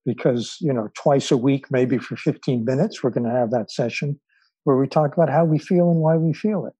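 A man speaks as a podcast guest with a very husky, mellow voice, unhurried and thoughtful, often pausing on fillers as he tells stories. His voice sits in a middle register. It is recorded close and dry, with no room sound. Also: medium pitch, no room sound, poor audio. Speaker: interview guest, psychologist and author. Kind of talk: relaxed storytelling in conversation.

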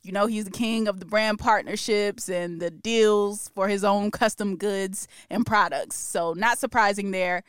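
A woman's voice: mid-range voice, steady tone, measured pace, few pauses, smooth, no echo, studio quality. A woman hosting a podcast, chatting casually and with strong opinions about music news, laughing often. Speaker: podcast host.

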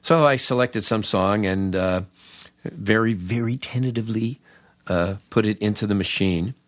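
A man's voice: lowish voice, moderate pace, dry recording. An older man hosting a podcast, telling a comic story in a wry, self-mocking way. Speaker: podcast host.

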